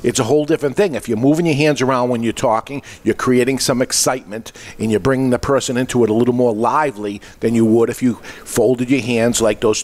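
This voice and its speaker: A man hosting a podcast, giving an instructional talk in an explanatory way with frequent restarts mid-phrase. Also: mid-range voice. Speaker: podcast host. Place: podcast studio.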